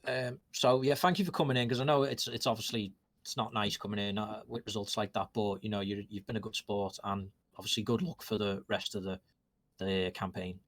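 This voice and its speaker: A man's voice: on the low side, fairly even intonation, a little fast, slight background noise. Rambling male match interviewer. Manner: rambling, with many ums and restarts. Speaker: host and post-match interviewer.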